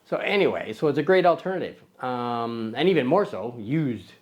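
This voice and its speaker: A man's voice: medium pitch, big pitch swings, moderate pace, muffled recording. A man hosting a photography vlog, talking casually to camera in a rambling, self-deprecating way with many fillers and restarts.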